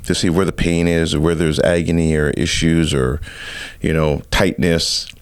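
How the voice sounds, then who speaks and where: A man hosting a podcast, chatting casually in a relaxed, halting way with many fillers. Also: very deep voice, smooth, no echo. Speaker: podcast host. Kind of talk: casual chat.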